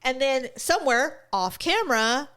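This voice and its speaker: A woman co-hosting a podcast in casual chat, animated and blunt, swearing and acting out the people she talks about. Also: high voice, normal speed. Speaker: podcast co-host.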